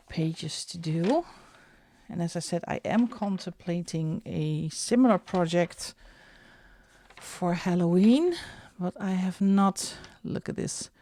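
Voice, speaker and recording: A middle-aged woman hosting a coloring channel, chatting casually as she shows her books, with soft asides now and then. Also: fairly low pitch. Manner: chatty, slow and unhurried, drops into soft asides. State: out of breath. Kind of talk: casual show-and-tell vlog.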